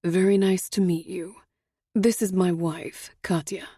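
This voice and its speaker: A wealthy man in his forties speaks coolly and dismissively, with clear condescension. A woman reads him in an audiobook, a little lower and quieter. The sound is dry and close. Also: steady tone, a little slow, no room sound. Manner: cool, dismissive.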